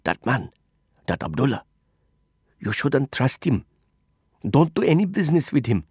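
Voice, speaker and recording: A man's voice: on the high side, sing-song, normal speed, no room sound, clean studio sound, pitched above the performer's own voice. A man voicing a proud, touchy young slum dweller, speaking in an insistent, indignant way. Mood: hushed warning. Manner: indignant, insistent, later a scratchy whisper. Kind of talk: audiobook character voice.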